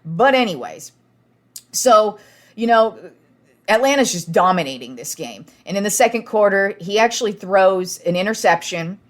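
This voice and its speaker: A young woman hosting a sports podcast, talking casually and excitedly, swearing freely and acting out what players said. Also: medium pitch, moderate pace. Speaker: podcast host.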